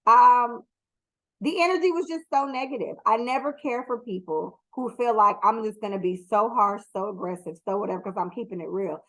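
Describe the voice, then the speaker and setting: A woman's voice: fairly high pitch, a little fast, a bit bright, low-quality recording. A young adult woman hosting her own podcast, talking alone in a blunt, profane, rambling way with lots of ums. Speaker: podcast host. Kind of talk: casual solo commentary.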